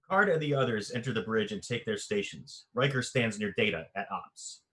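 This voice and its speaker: A man narrating the stage directions of a screenplay in an audio drama reading, with an even, descriptive delivery. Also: lowish voice, a little fast.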